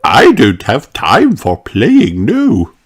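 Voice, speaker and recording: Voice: medium pitch, huge pitch swings, takes it slowly, pitched above the performer's own voice. A reader voicing a posh, prim elderly queen in a storybook, in a plummy, lofty and exclaiming manner. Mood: prim, delighted.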